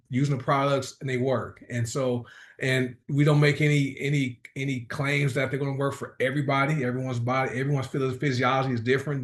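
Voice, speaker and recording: Rambling man hosting a video call. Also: mid-range voice. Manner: rambling, repeats words, upbeat. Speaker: host of a product call. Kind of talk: casual group call chat.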